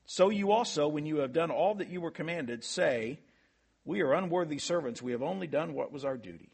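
Man preaching, husky, fairly high voice, earnest and emphatic. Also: expressive, fairly quick, darkish tone. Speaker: pastor. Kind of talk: sermon.

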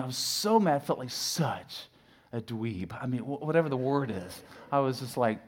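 Animated preaching man. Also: medium pitch, moderate pace, slightly rough. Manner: animated storytelling, acts out his own shouting and sudden hushed asides. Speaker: pastor. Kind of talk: sermon with personal story.

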